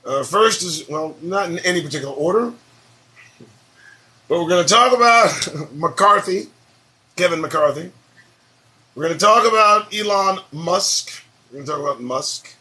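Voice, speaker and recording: A man's voice: fairly high pitch, expressive, unhurried, long pauses, pushed and bright. A man hosting his daily morning talk show, rambling and swearing casually as he drifts between topics. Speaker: show host.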